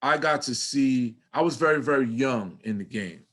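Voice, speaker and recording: A middle-aged New Yorker with a New York accent is a guest in a casual interview, speaking at medium pitch and normal speed. He tells stories animatedly, swears freely, and acts out his younger self.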